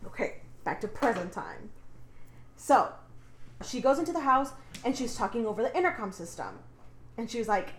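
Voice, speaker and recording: A woman's voice: fairly high pitch, animated, moderate pace, slight background noise. A young woman co-hosting a podcast, recapping a book in a casual, chatty way, swearing freely and saying "like" a lot. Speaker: podcast co-host. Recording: echoey room.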